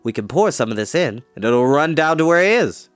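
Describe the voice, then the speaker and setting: A man's voice: a little high, big pitch swings, a little fast, clean tone, no room sound, soft background music. A storyteller voicing an eager, impulsive boy, an older brother who sounds keen and a little whiny.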